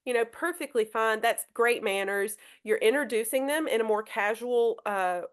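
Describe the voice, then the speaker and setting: A young woman teacher hosting a manners podcast, talking casually and brightly with lots of fillers and restarts. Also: a little high, normal speed, clear, resonant tone. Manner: chatty and upbeat, many fillers and restarts. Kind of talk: casual classroom talk.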